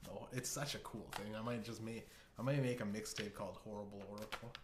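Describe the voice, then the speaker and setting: A man's voice: on the low side, steady tone, fast talker. A man hosting a casual comedy show, riffing in a rambling, profane way with many restarts. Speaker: host. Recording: echoey room with faint hiss.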